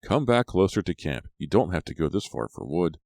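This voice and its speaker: A man voicing a cheerful but stern camp advisor in an audiobook, loud and bossy. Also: deep voice, very animated, fairly quick, creaky, no room sound, studio quality, full character voice. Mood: scolding.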